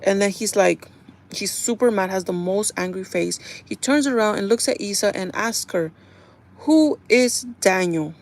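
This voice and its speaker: A woman talking on her live stream, retelling a show's episode in a loose, gossipy way. Her pitch sits in the middle range, and her talk is full of fillers and quick laughs. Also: creaky. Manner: chatty and animated, full of "like" and "kinda"; laughs often while retelling. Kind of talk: casual chat recapping a TV episode.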